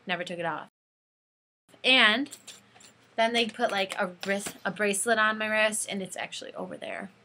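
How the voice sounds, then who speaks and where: A teenage girl telling an excited fan story in a casual vlog, gushing and saying "like" constantly. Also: mid-range voice. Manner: gushing, breathless, says like constantly. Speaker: fan vlogger.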